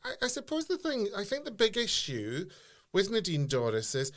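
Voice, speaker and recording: A Scottish woman riffing in casual comic chat, her voice swooping far up and down as she tells bawdy stories. She sits in the middle of the pitch range for her sex and talks in an animated, mischievous way. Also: normal speed. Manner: animated, bawdy storytelling with sudden pitch jumps. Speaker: comedian and podcast co-host.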